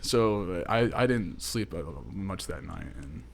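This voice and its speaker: A man's voice: sits low, animated, slow pace, creaky, crowd noise. A young man, co-hosting a podcast and telling a rambling story, full of "like" and "dude" and plenty of swearing. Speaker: podcast co-host. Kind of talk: casual storytelling chat.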